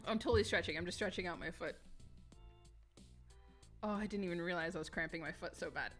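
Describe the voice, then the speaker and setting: A woman streaming a game live, reacting excitably with laughter and swearing at the villains. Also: fairly low pitch, quick pace, soft background music.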